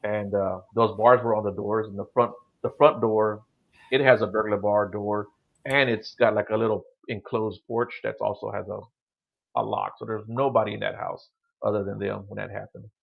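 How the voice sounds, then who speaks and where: A man's voice: lowish voice, flat delivery, moderate pace, gravelly, narrow, tinny audio. Middle-aged man rambling through ghost stories. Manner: rambling, lots of "you know" and "like". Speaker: guest telling paranormal experiences. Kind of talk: casual storytelling on a call-in show.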